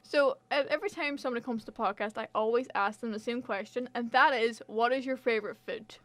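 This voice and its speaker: A woman's voice: on the high side, fast talker, a bit bright. A woman co-hosting a casual comedy podcast, talking loosely and filling her sentences with "like". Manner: chatty, peppered with "like". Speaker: podcast co-host.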